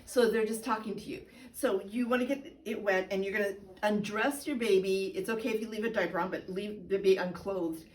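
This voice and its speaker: Chatty midwife teaching on camera. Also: female voice, steady tone, fairly quick, hardly any pauses, far from the mic, low-quality recording. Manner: chatty, playful, breaks into high sing-song baby talk. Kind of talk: instructional demonstration. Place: indoor room. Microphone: camera mic.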